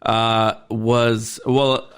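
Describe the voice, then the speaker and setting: A man co-hosting a podcast, teasing his friend and asking slow, probing questions in casual chat. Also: mid-range voice, flat delivery, fairly bright tone, clear, resonant tone. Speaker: podcast co-host.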